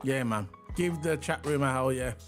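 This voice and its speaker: A man's voice: medium pitch, normal speed, over loud music. A man co-hosting a casual livestream, chatty and rambling, hyping the chat and reading transfer news. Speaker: livestream co-host.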